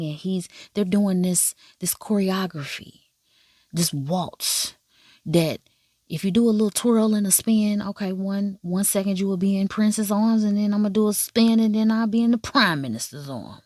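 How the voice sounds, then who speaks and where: A woman giving casual drama commentary in an animated, profane, sassy way. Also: mid-range voice, normal speed, no echo, clean studio sound. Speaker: drama reviewer. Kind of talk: casual watch-along commentary.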